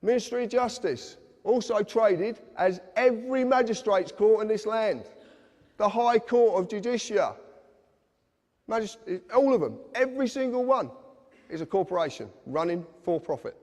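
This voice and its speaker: A man's voice: high-pitched, animated, normal speed, a little mellow. A man giving an earnest, insistent lecture to a live audience, speaking directly to his listeners. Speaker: public speaker. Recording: long reverb of a hall.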